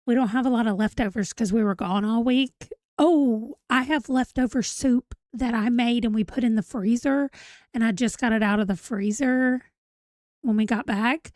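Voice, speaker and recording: A woman's voice: a little high, dry recording, studio quality. A woman, chatting casually on a livestream, rambling and reading out viewer comments while a bit tired and yawning. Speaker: livestream host.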